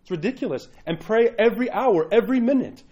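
Man doing a stern, blunt priest, scolding and emphatic, voice raised and quick. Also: high-pitched, lively intonation, a little mellow, lo-fi sound, voice pushed up. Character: stern, blunt old-world priest scolding his flock.

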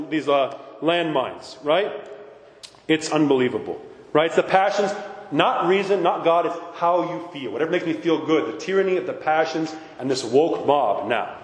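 A man's voice: fairly high pitch, expressive, moderate pace. A middle-aged man giving an impassioned talk to a parish gathering, emphatic and insistent, often checking with the audience. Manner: emphatic, keeps asking "right?" and insisting he is serious. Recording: echoey hall with long reverb.

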